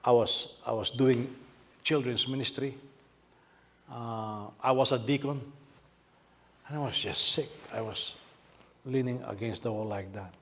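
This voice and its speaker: A man pastor from the Philippines preaching a sermon, animated, with many repetitions and rhetorical questions. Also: medium pitch, unhurried, long pauses.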